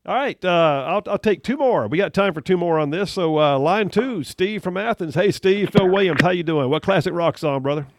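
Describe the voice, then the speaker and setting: Upbeat gravelly male radio host. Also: high voice, animated. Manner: upbeat, quick banter with callers, frequent laughs. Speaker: radio talk show host. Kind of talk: call-in radio talk. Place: radio studio. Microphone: studio mic, close.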